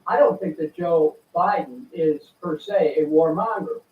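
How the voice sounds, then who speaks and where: An older man, a former congressman, speaking as a guest in a political interview, deliberate and earnest with many pauses. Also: a little high. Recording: tinny phone-like line, echoey room, from far off.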